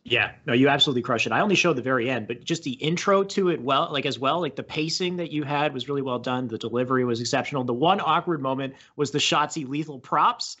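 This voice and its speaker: A man hosting a casual interview, chiming in often with quick agreement. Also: mid-range voice, bright, forceful tone, husky. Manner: quick back-channel "right, right". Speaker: podcast host.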